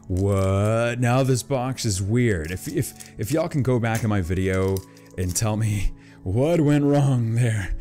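A man chatting casually to viewers as he opens trading card packs, rambling and bursting into excited gushing over good pulls. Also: mid-range voice. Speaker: card-opening YouTuber. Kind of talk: casual unboxing commentary.

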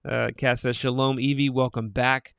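Smooth-voiced man reading viewer comments. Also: mid-range voice, little pitch movement, normal speed, no echo, clean studio sound. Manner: friendly, reads comments and answers each viewer by name, soft-spoken on sad news. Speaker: host of a Christian morning livestream. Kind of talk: live stream chat, reading viewer comments aloud.

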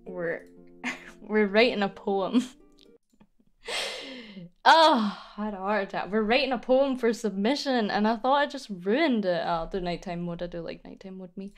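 A woman's voice: medium pitch, measured pace, long pauses, faint music behind. A young woman streamer in casual chat, thinking aloud, easily flustered and swearing often.

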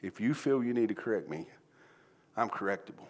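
A middle-aged man, preaching a sermon as pastor in a folksy manner, swinging from quiet pleading to loud exclaiming. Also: on the low side, lively intonation, brisk. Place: church sanctuary.

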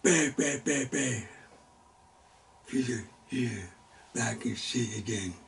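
A man teaches a Sunday school Bible lesson at a slow, deliberate pace. His voice is gravelly, and his speech comes in halting fragments broken by sudden loud exclamations. He sounds set back from the microphone in a church classroom. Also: mid-range voice, far from the mic, slight background noise.

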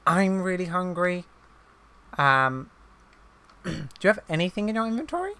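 A man's voice: high voice, very animated, moderate pace, pushed and bright, clear, resonant tone. A man giving casual let's-play commentary on his own gameplay, chatty and easily flustered, exclaiming again and again when things go wrong. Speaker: gaming YouTuber.

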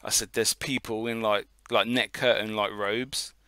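A man's voice: on the low side, little pitch movement, unhurried, sharp tone, no echo. A man co-hosting a casual podcast, telling a long story in a rambling way and swearing often. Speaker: podcast co-host.

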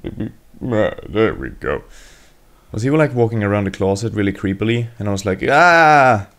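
A man's voice: fairly low pitch, lively intonation, fairly quick, darkish tone. A young man giving jokey gameplay commentary as a let's play host, bursting into yelps and swearing and teasing the game monsters. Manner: talks to game monsters in mock voices.

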